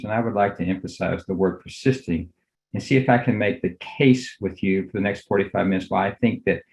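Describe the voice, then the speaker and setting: An older man, a physician, giving a measured academic lecture on a video call, courteous and full of fillers. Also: sits low, darkish tone, low-quality recording. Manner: measured, courteous, thinks aloud with many fillers.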